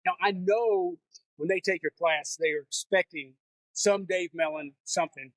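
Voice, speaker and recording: High-pitched guy hosting a podcast, chatty questions, dry sound. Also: steady tone, moderate pace, no echo. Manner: conversational questioning. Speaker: podcast host. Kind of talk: casual interview.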